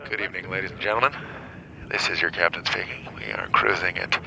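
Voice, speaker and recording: A man's voice: low-pitched, steady tone, fast talker, vocal fry, crowd noise, voice pushed down, poor audio. A man playing a male airline captain on the intercom who keeps cracking up mid-announcement. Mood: mock-formal. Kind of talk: comedy bit.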